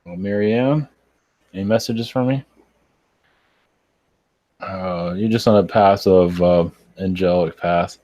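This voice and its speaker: A tired man who works as a spiritual channeler, answering chat questions live in a rambling, halting way with many restarts. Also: low voice, dark tone, dry recording. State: tired, yawning.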